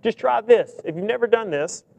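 A man's voice: sits high, animated, moderate pace, creaky, a little mellow. A man preaching a sermon. He reads scripture aloud, jokes, and keeps asking the congregation questions. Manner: humorous, asks the congregation many questions.

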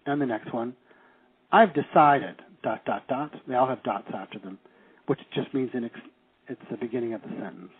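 A man leading a teleseminar, coaching listeners through phrases and slowing down to stress key words. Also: mid-range voice, breathy edge, dry recording. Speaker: seminar leader. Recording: tinny phone line.

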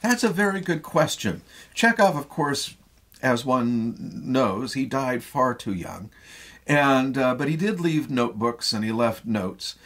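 A male theatre professor with a Midwestern American accent, giving a lecture that retells a play as a story and pausing often on fillers. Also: mid-range voice. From Midwestern United States. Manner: animated storyteller with frequent fillers.

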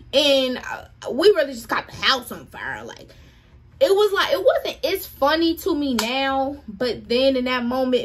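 A young woman with a slightly high voice tells a story to her viewers in a casual vlog. She is animated and dramatic in the retelling and keeps turning to the audience. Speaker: vlogger.

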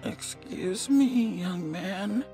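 A man voicing a frail, lost old ghostly man with a high, shaky, quavering voice and a slow, faint, pleading way of speaking. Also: expressive, mellow, faint music behind, heavily acted.

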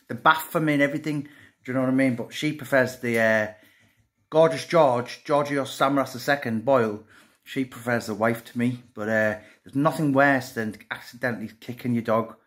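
A man's voice: medium pitch, a bit bright. A middle-aged man rambling emotionally to his phone camera in a casual monologue, mocking himself as he goes.

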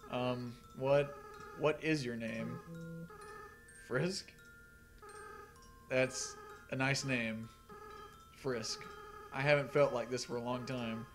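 Remorseful goat-monster boy, read by a man in a soft, halting voice; faint music under. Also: mid-range voice, steady tone, close to an everyday voice. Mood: sad. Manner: soft, earnest, halting reading of game dialogue.

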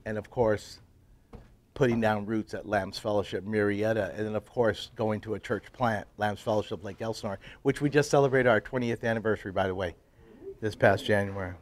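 A middle-aged man telling his personal faith story to a men's group, drifting into hushed, emotional moments. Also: on the low side, fairly even intonation, fairly quick. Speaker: testimony speaker at men's breakfast.

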